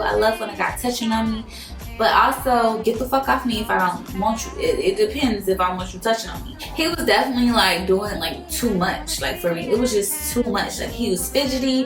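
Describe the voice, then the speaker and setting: A young woman vlogger, telling a dating story in an animated storytime style, swearing freely and acting out quotes. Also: medium pitch. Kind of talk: storytime vlog. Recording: echoey room, faint music.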